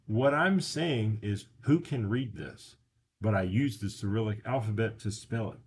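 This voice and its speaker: A man with a slightly low voice teaches a beginner lesson, speaking very slowly and deliberately. He drills words by repeating them several times. A faint hum sits under his voice. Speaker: language teacher. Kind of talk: slide-based lesson.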